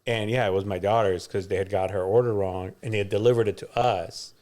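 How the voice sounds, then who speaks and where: A man's voice: lowish voice, fairly even intonation, a little fast, darkish tone. A middle-aged man co-hosting a podcast, telling stories in a casual chat and laughing often. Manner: storytelling, laughs often, chatty. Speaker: podcast co-host.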